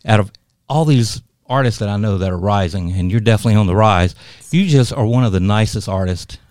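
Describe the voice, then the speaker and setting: A man's voice: lowish voice, brisk, a little mellow, no echo. A man hosting a casual studio interview, effusive and full of compliments for his guest. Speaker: podcast host and interviewer.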